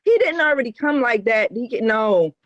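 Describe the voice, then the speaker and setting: A woman's voice: on the high side, animated, normal speed, no echo, dull audio. A woman co-hosting a podcast, talking bluntly and emphatically in casual chat with a lot of cursing. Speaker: podcast co-host.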